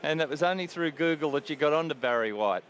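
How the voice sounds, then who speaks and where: A man's voice: fairly high pitch, animated, quick pace, slight background noise. A radio cricket commentator in his sixties, chatting casually on air and laughing often at his own stories. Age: 60s. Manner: chuckling, warm-hearted, laughs often.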